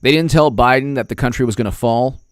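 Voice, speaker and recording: A man's voice: medium pitch, fast, dry recording, studio quality. A man giving political commentary on a vlog in a rambling, sarcastic way, often restarting his sentences.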